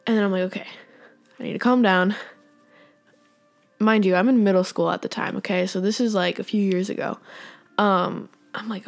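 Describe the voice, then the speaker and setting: A woman's voice: medium pitch, steady tone, normal speed, pauses often, soft background music. Chatty rambling young woman podcaster. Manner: rambling, chatty, lots of fillers and laughs. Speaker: podcast host. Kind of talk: casual faith podcast monologue.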